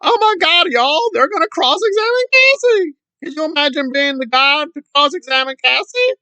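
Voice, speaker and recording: A man putting on a shrill falsetto to mock a gushing, tearful online commentator who squeals with overexcited fake emotion. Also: lively intonation, normal speed, sharp tone, dry recording, heavily acted.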